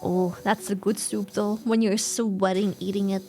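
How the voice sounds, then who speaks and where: A woman's voice: medium pitch, level tone, normal speed, dark tone, soft background music. A woman streamer in casual chat, talkative, laughing often and swearing casually.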